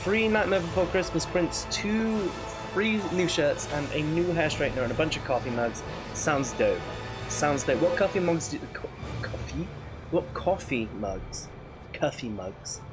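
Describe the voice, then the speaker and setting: A young man streaming a game, chatting casually with viewers, excitable and swearing freely. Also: a little high, normal speed. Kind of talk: casual live-stream chat while gaming. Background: game music.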